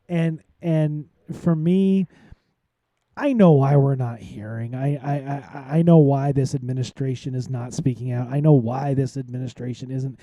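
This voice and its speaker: Tired male podcast co-host, very dark mellow tone, dry close sound, rambling with restarts. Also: medium pitch, fairly even intonation, slow pace, dry recording, lo-fi sound. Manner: rambling, many restarts and fillers. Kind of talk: live podcast commentary.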